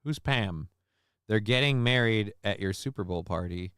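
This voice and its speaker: Man hosting a livestream, rambling and profane, smooth voice, dry close sound. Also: on the low side, normal speed, fairly bright tone, no room sound. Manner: rambling, profane, sarcastic asides. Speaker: livestream host. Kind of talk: casual livestream chat reading viewer messages.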